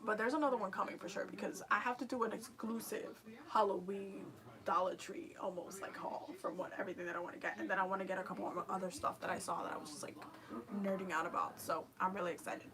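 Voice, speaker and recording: A woman's voice: mid-range voice, fairly even intonation, fast talker, crowd noise. A young woman with a New York accent, hosting a livestream and chatting casually with viewers, rambling with lots of fillers. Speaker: livestream host.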